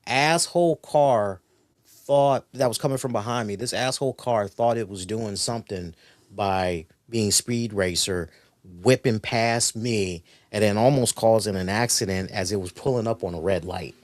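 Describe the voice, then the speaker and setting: A man's voice: fairly low pitch, moderate pace, no echo, studio quality. A man co-hosting a podcast, telling a story casually and with heavy swearing, acting out the people involved. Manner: animated, profane, acts out voices. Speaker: podcast co-host.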